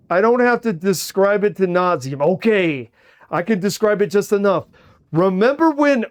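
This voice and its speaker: High-voiced excitable man streaming a game. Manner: excitable, swears, swings from groans to shouts. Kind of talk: casual live game-stream commentary.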